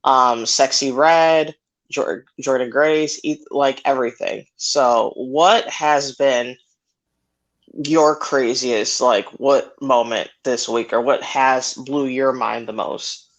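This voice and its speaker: A man's voice: medium pitch, fairly even intonation, slow. A man hosting a casual podcast, laid-back and self-mocking as he moves the talk along. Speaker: podcast host.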